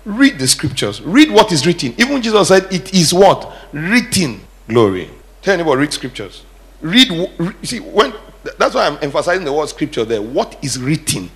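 A man's voice: a little high, very animated, normal speed, a bit bright. A middle-aged man preaching a sermon, asking the congregation questions and building to emphatic repeated phrases. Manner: call-and-response preaching, rising to emphatic repetition. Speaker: pastor.

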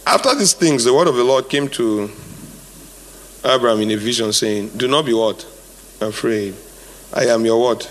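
A man's voice: mid-range voice, moderate pace, long pauses, a bit bright, slight background noise. A male pastor preaching a sermon, emphatic and repetitive, drawing answers from the congregation, recorded live in a hall. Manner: emphatic, repeats phrases, asks the congregation to fill in words.

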